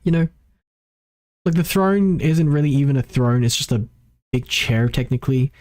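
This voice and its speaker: Rambly woman streamer with lively pitch. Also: normal speed. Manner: rambling, self-correcting, laughs at own slips. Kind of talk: game playthrough commentary.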